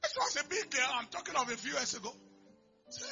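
A man preaching a sermon, moving from quiet storytelling to loud shouted declarations. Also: very high voice, sing-song, a little fast, vocal fry. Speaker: pastor. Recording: dull lo-fi recording with faint music.

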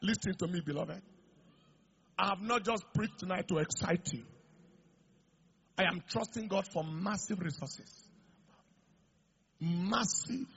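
Raspy high-voiced preacher. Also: male voice, lo-fi sound. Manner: preaching, builds to shouted declarations. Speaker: pastor. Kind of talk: sermon.

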